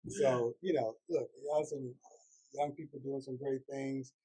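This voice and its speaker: A middle-aged man, a guest on a casual podcast, talking in a friendly, emphatic way with bursts of loud laughter. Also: mid-range voice, steady tone, a little slow, a loud crowd, rough recording. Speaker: guest, entrepreneur. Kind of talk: casual interview chat.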